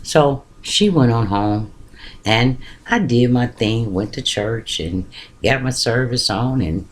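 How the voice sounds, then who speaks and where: A man telling a personal story in a casual, colloquial way, with big swings in pitch for emphasis. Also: lively intonation, slow.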